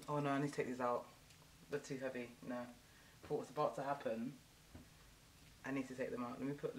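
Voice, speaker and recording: A young woman ranting casually to camera in a vlog, animated and exasperated, repeating phrases for emphasis. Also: sits low, slight background noise. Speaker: vlogger.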